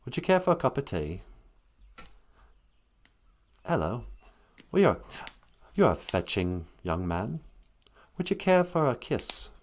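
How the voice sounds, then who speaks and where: A man voicing a prissy, flirtatious English gentleman with a mincing way of talking. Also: mid-range voice, sing-song, takes it slowly, long pauses, a little hiss or hum. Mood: flirty.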